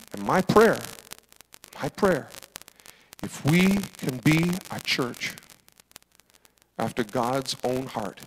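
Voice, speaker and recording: A man preaching a sermon as pastor, acting out dialogue with big swings from loud to hushed. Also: medium pitch, a little hiss or hum, poor audio.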